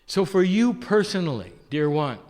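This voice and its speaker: Man channeling an ancient spirit, tender, rhetorical questions, soft chuckles, long echoing hall. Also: high-pitched, sing-song, moderate pace. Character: ancient loving spirit entity addressing listeners.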